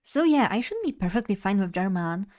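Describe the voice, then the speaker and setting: Her voice sits in the middle range, animated and slightly mellow. Polish is her first language, and as a streamer she chats loosely, drifting off topic and often laughing at her own expense.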